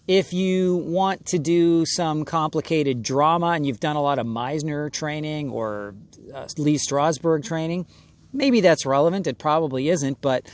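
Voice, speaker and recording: A man coaching actors in an emphatic, conversational way, often acting out brief voices of casting people. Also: fairly high pitch. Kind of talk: direct-to-camera acting advice.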